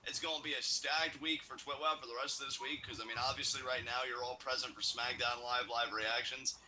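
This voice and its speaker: A man co-hosting a live reaction show, firing off excitable exclamations and wisecracks. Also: mid-range voice, a little fast, slight background noise, poor audio. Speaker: co-host reacting to a wrestling broadcast.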